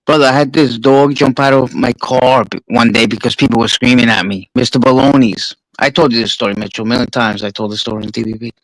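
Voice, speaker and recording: A man's voice: mid-range voice, fast talker, hardly any pauses, no echo, low-quality recording. A man with a New York accent, a streamer swapping stories in a casual, profane chat. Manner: profane, animated storyteller.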